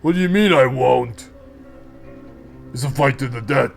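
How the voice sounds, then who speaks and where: A man's voice: medium pitch, unhurried, creaky, soft background music, pitched above the performer's own voice. A man growling as a huge bellowing half-ogre. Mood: baffled. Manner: bellowing, baffled. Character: huge dim half-ogre brute, male.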